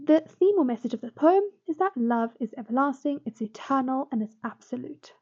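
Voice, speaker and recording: With a high-pitched, mellow voice and lively intonation, this woman talks briskly through a poem as a tutor. It's a poetry analysis lesson full of fillers and little self-corrections, captured in dull lo-fi audio.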